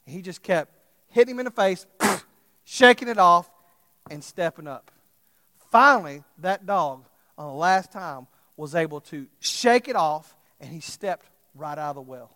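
A male pastor preaching a sermon, swinging from loud impassioned calls to quiet storytelling. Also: sits high, lively intonation, a little slow, in a large hall.

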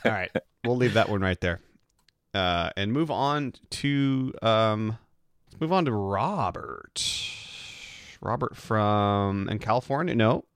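A man with a slightly low voice hosts in an easygoing way, moving the chat along from one topic to the next. His voice is close and dry. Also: animated, slow pace, fairly bright tone, smooth, no room sound. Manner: easygoing, steers the conversation. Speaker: podcast co-host. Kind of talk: casual chat.

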